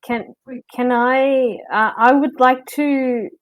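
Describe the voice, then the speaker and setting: A woman's voice: sits high, steady tone, slow, poor audio. A woman player at a tabletop game, hesitant with lots of fillers. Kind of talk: tabletop play.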